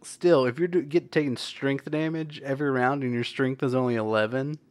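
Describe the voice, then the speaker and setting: Man in casual chat, mid-pitched, animated storyteller who laughs a lot. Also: moderate pace. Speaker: tabletop game player.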